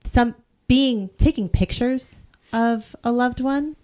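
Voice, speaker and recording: A middle-aged New England woman co-hosts a podcast in casual chat, chatty and self-mocking, often trailing off and restarting. Her voice is fairly high, slow-paced, and a little mellow.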